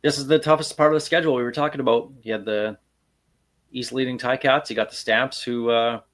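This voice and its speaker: A man hosting a sports podcast, chatting casually and thinking aloud with fillers. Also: medium pitch. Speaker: podcast host.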